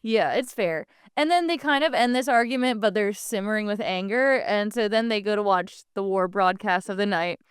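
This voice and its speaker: A woman's voice: mid-range voice, normal speed, few pauses, clear, resonant tone, no room sound, studio quality. A woman co-hosting a podcast, retelling a story plot in wry, casual conversation. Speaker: podcast co-host.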